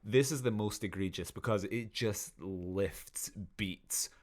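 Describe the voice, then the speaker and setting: A man's voice: on the low side, slow. A man co-hosting a podcast, chatting casually and rambling through a film review while laughing at his own jokes. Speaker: podcast co-host. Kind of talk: casual chat reviewing films.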